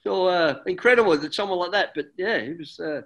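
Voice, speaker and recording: A middle-aged man with a slightly high voice, a former footballer, tells a long story as an interview guest. He rambles, restarts sentences and calls the listener "mate" in a relaxed, chatty way. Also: a little fast.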